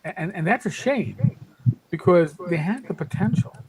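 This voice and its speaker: A man's voice: high-pitched, lively intonation, a little slow, a little mellow, low-quality recording. A man in his fifties chatting on a panel podcast, emphatic and rambling, with many restarts. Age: 50s. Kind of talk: casual panel chat.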